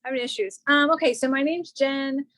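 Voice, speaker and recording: A woman's voice: high-pitched, a little fast, fairly bright tone, dry recording, low-quality recording. A young woman student speaking on a video call, eager and chatty with frequent ums. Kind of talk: casual chat on a video call.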